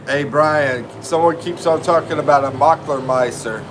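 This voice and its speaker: A man's voice: a little high, normal speed, slight background noise. Laid-back man chatting on a live stream. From North Carolina, US. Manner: laid-back, chatty, greets viewers by name. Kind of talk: casual live-stream chat.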